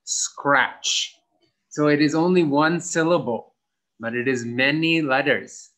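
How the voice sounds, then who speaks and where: A man teaching English to young pupils, spelling out words letter by letter and repeating each word clearly for practice. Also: on the high side, steady tone, slow, a bit bright. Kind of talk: slow, clear classroom instruction.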